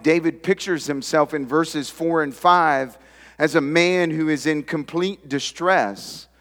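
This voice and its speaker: A man preaching a sermon as pastor, with emphatic swells in pitch and volume. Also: fairly bright tone. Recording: long hall reverb.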